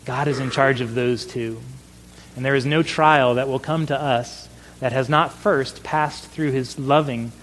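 A middle-aged man preaching a sermon in an earnest voice, slowing down for emphasis. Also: mid-range voice, fairly bright tone, slight background noise, rough recording. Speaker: pastor.

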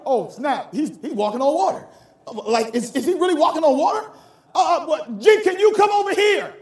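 High-voiced preacher shouting in an echoey hall. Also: male voice. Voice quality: animated, slangy, shouting for emphasis. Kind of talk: sermon.

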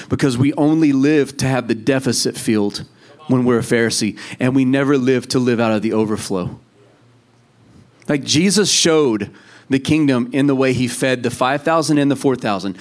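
A pastor preaches a sermon to his congregation in a conversational style, acting out the voices of the people in the story. His voice is medium-pitched and moderately paced.

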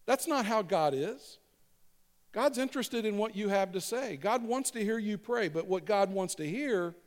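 A male pastor giving a conversational sermon and leading the congregation in call-and-response phrases. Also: high-pitched. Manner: conversational, repeats lines for the congregation to echo.

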